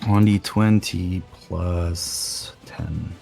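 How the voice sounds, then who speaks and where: Slow, hesitant male tabletop player. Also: low-pitched, fairly even intonation, vocal fry, darkish tone, faint music behind. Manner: hesitant, many ums, laughs. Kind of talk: casual chat in a tabletop game.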